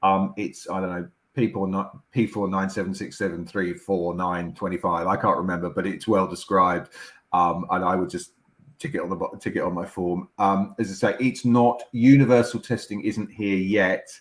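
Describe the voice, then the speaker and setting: A middle-aged doctor with a low, steady voice explains things patiently over a video call. He is measured and reassuring, often restarting his sentences. The sound carries a noticeable room echo. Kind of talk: explaining as an interview guest.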